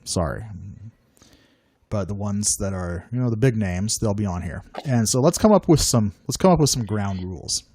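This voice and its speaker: A man's voice: fairly low pitch, expressive, normal speed, darkish tone, no echo. Upbeat man hosting a chat show. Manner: upbeat, joking, self-deprecating. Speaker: podcast host. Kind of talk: casual chat.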